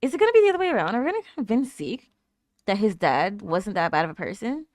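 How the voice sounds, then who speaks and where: Female reaction host, chatty and animated, talks back at the screen; dry, close sound. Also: medium pitch, fast talker, dry recording. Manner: laughs often and coos at cute moments. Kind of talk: casual reaction commentary.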